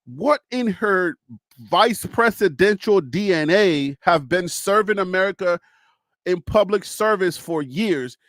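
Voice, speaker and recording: A man's voice: sits high, lively intonation, slow, fairly bright tone, no room sound, clean studio sound. A man hosting casual political talk, chatty, often laughing and repeating phrases as he thinks aloud. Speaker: political commentary host.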